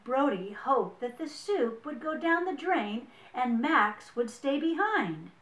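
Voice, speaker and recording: Expressive woman reading a picture book aloud. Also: high voice. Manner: expressive, unhurried storytelling. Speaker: storyteller. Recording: echoey room.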